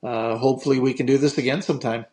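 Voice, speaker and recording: A man's voice: medium pitch, fairly even intonation, fast, mellow. A male author talks as a podcast guest, earnest and explaining his side. He has a mid-range voice and keeps a conversational tone. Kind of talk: casual interview chat.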